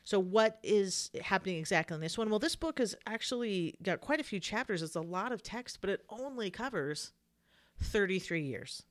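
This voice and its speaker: A woman's voice: mid-range voice, lively intonation, brisk, few pauses. A woman hosting a casual scripture study podcast, sounding sleepy, chatty and repeating herself with many fillers. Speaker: podcast host.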